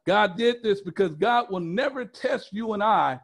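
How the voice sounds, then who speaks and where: A male pastor delivering a sermon with a notably high-pitched voice. He preaches emphatically, repeating key phrases again and again and drawing the congregation in with fill-in-the-blank questions. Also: expressive, moderate pace, gravelly, fairly bright tone. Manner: repetitive, emphatic preaching with call-and-response questions.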